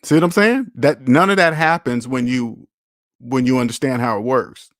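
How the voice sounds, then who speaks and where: Man, blunt casual rant, swearing, mid pitch, dry close sound. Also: moderate pace, fairly bright tone, no room sound. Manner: blunt, swears, acts out both sides of phone calls. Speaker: finance channel host.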